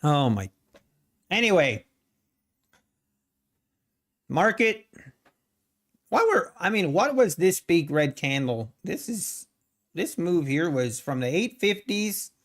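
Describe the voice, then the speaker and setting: This day-trading livestream host, a native Pennsylvania Dutch speaker with the matching accent, jokes around casually with viewers. His fairly high voice is very animated yet slow, broken up by long pauses.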